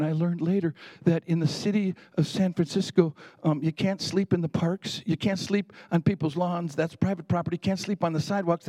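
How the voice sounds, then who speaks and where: A man's voice: high voice, dark tone, dry recording. A male pastor preaching a sermon in a conversational storytelling way, building up to emphatic peaks.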